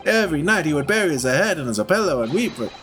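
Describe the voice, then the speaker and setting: A man voicing an excitable young Italian nobleman sidekick with a put-on Italian accent. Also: on the high side, fast, soft background music, pitched above the performer's own voice. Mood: exuberant. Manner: flamboyant, exuberant.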